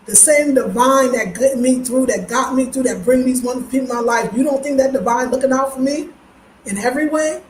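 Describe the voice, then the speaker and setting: A woman's voice: high voice, reverberant, slight background noise, poor audio. A woman vlogger talking casually to her viewers in an emphatic, preachy way, addressing them as y'all from a room indoors.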